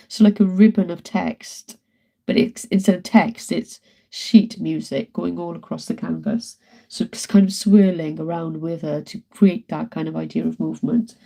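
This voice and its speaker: A woman's voice: on the low side, gravelly, dark tone. A woman with a British accent, chatting casually to viewers on a live stream from home while she paints, greeting and thanking them by name. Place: at home, indoors.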